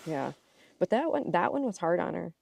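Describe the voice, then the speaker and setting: Chatting casually as a podcast co-host, a woman with a gravelly, fairly low voice tells family tales from a boat on a marsh, animatedly performing each quoted line. She speaks at a moderate pace, and the mic catches her from afar without any echo.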